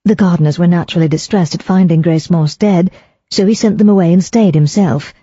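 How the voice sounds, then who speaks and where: An audiobook narrator reading a mystery novel in a measured, even way. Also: mid-range voice, breathy edge, dry recording, dull audio. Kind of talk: scripted narration.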